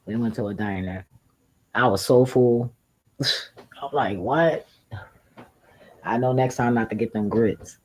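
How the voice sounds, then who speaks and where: A man's voice: on the low side, steady tone, moderate pace, long pauses, darkish tone, low-quality recording. A man hosting a livestream, telling a story casually in a blunt, profane, laughing way. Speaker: livestream host. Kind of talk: casual storytelling to a live audience.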